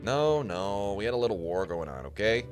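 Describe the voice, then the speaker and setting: Ancient boastful talking skull mage as a man puts him on, rambling, low voice, music under. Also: very animated, moderate pace. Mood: storytelling. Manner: rambling, gleeful, attempts an accent.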